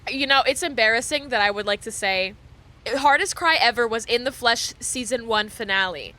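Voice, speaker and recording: A young woman streamer chatting casually with her viewers, animated, laughing often and swearing freely. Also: on the high side, moderate pace.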